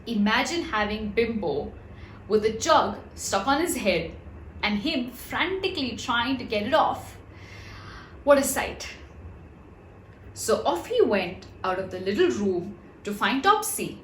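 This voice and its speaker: A woman reading a children's storybook aloud, gentle and expressive, with chatty asides to young listeners. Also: fairly high pitch, measured pace, pauses often, a little hiss or hum. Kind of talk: children's read-aloud narration. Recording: roomy echo.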